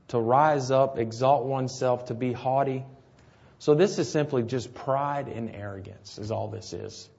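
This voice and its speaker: A man delivers a sermon at a middle pitch, talking it through in a relaxed, conversational way. He keeps checking in with his listeners through rhetorical questions. The recording sounds a little dull and lo-fi. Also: breathy edge. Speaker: preacher.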